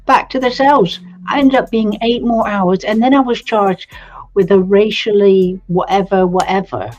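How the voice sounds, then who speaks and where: A woman from England telling a story in a casual, animated way on a live stream, laughing at times. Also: mid-range voice, normal speed, faint music behind. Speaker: co-host. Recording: dull lo-fi stream audio.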